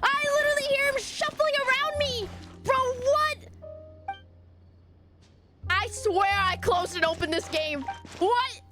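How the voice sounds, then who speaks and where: A woman streaming a game live, reacting excitably and breaking into shrieks and laughter. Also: extremely high pitch, takes it slowly, pauses often. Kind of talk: live gameplay stream commentary. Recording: game music playing behind. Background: game soundtrack.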